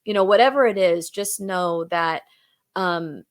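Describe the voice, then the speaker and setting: A woman's voice: on the low side, measured pace. A middle-aged woman hosting a podcast, telling her own story in an earnest, casual way, full of "like" and "you know". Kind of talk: heartfelt casual chat.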